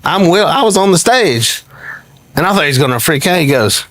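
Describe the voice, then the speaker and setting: A man's voice: fairly high pitch, brisk. A man, a guest telling an anecdote in conversation and often laughing as he talks. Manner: animated, laughs often while telling stories.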